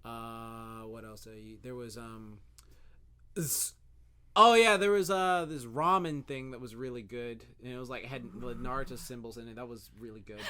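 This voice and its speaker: A young man co-hosting a podcast, telling animated stories in a casual, swearing way. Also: medium pitch, normal speed. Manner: animated storytelling, swears, does silly voices. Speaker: podcast co-host. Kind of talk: casual chat.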